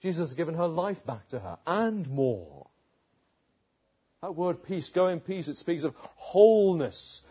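A man preaching a sermon, retelling a story with rhetorical questions and dramatic pauses. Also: on the high side, mellow, breathy edge, muffled recording.

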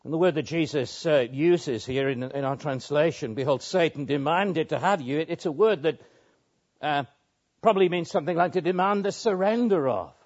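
A man preaching a measured expository sermon, with pauses and small restarts. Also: a little high, a little mellow. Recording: muffled lo-fi sermon recording.

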